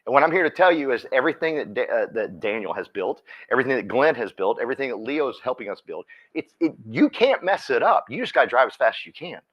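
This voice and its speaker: A man giving a folksy, energetic motivational talk to his team, often repeating himself. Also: mid-range voice, fast talker, few pauses, muffled recording. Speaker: team leader speaking at a company meeting.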